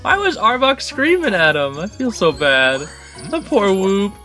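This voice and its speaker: An excitable man narrates his own gameplay and chatters at the creatures on screen. His voice sits fairly high, with a bright edge. His pitch leaps up and down all the time, and faint game music plays behind him. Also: unhurried. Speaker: gaming channel host. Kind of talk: let's-play commentary.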